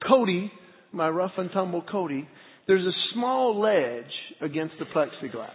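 A middle-aged man preaching a sermon, telling a story and acting out its dialogue with lively energy. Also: high-pitched, unhurried. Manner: animated, acts out dialogue in the story. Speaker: pastor. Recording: tinny lo-fi audio with long hall reverb.

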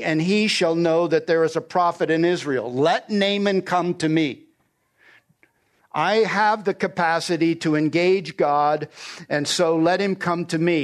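A man with a slightly raised speaking voice delivers a sermon verse by verse. He retells the story in plain modern slang and keeps pulling the listeners in with questions he answers himself. He sometimes sinks to a hushed, low voice to drive a point home. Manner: expository, paraphrasing scripture in everyday slang; asks the congregation questions and answers them. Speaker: preacher.

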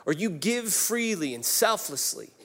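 A man in his forties delivers a heartfelt sermon with a somewhat high voice. He talks candidly and emotionally, full of fillers and restarts. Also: very animated, measured pace, pushed and bright. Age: 40s. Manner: emotional, personal storytelling with frequent fillers. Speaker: pastor.

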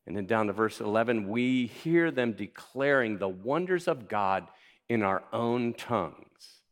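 A man's voice: on the low side, animated, measured pace. A man preaching a sermon in a conversational, playful way, putting questions to the congregation. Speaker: pastor.

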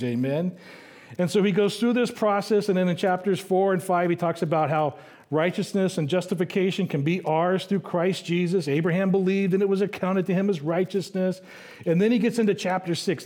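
A middle-aged male pastor giving a conversational sermon, slowing down to read scripture aloud. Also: high-pitched, a little mellow. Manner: conversational preaching, reads scripture slowly.

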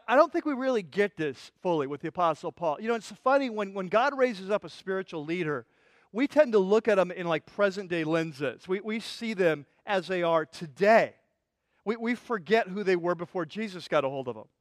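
A man pastor delivers a sermon as vivid, passionate storytelling, tumbling into restarts as he builds a scene. His voice sits high for a man, and the sound is dry and close with no room echo. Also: animated, normal speed.

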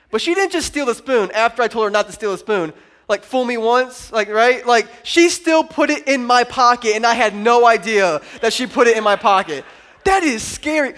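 A man in his thirties, a pastor, preaching at a church service with animated storytelling and lots of "like". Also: extremely high pitch, moderate pace. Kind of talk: sermon.

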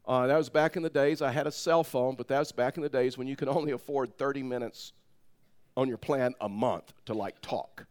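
A middle-aged man preaching, telling a personal story in an animated way and laughing as he goes. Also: medium pitch, brisk. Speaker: pastor. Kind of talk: sermon storytelling.

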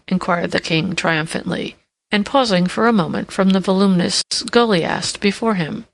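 A woman reading a classic novel aloud as an audiobook narrator, in a steady, measured way. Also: on the low side, gravelly.

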